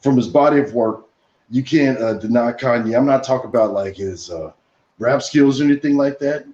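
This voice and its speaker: A man chatting on a podcast, laying out his views in a measured, steady way. His tone is mellow and on the dark side. The recording sounds roomy and a bit muffled. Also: medium pitch. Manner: measured, opinionated, explains his views at length. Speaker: podcast guest. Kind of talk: casual podcast chat.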